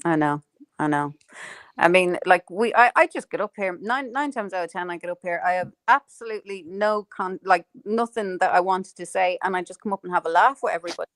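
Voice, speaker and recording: A woman's voice: on the low side, brisk, no echo. Chatty woman hosting a live stream. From Ireland. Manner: rambling, swears freely, many fillers. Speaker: livestream host. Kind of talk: casual chat. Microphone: home microphone on a live stream.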